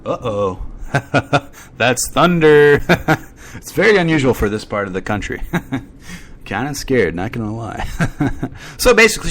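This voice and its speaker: A man's voice: medium pitch, fairly bright tone. A man hosting an internet radio show from home, rambling through a casual, irreverent, gossipy monologue with mock-dramatic asides. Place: at home during a thunderstorm.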